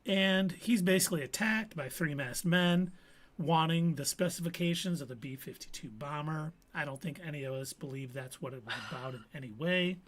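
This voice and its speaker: A man's voice: on the high side, normal speed. A man hosting a live stream, casually recapping a TV episode and acting out quotes from the characters. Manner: animated storytelling with acted quotes. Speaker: podcast host.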